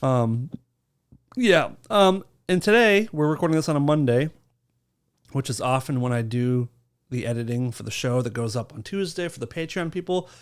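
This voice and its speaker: A man's voice: medium pitch, lively intonation, normal speed, clean tone. A man hosting a podcast in casual chat, joking, swearing and teasing his co-host. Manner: joking, profane, playful teasing.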